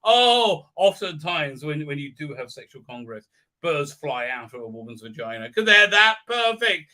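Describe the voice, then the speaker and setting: A man's voice: on the high side, sing-song, moderate pace, pushed and bright. A man hosting a live show, mocking what he watches in a crude, sarcastic way, full of "uh, uh" fillers and silly put-on voices. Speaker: host.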